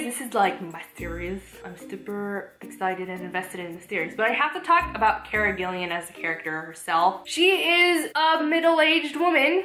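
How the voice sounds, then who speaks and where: A young woman in a casual, exasperated book review rant, animated and full of "like". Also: on the high side, echoey room. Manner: animated, exasperated, says "like" often. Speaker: book vlogger.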